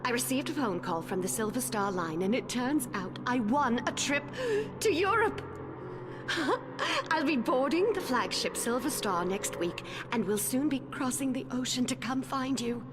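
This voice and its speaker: A woman's voice: fairly high pitch, animated, normal speed, close to an everyday voice. An actress voicing a young 1940s woman earnestly reading out tender, hopeful letters to her sweetheart in a video game. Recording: game audio under music.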